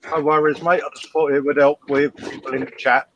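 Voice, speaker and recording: A man's voice: a little high, level tone, brisk, fairly bright tone, muffled recording, a little hiss or hum. A man co-hosting a casual live stream, easygoing and joking. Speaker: co-host.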